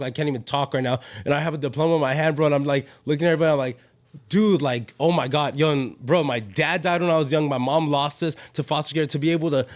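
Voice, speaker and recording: A young man, telling a long story as a podcast guest and filling it with "yo" and "bro". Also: fairly high pitch. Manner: rambling slangy storytelling, constant "yo" and "bro" fillers. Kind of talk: casual storytelling.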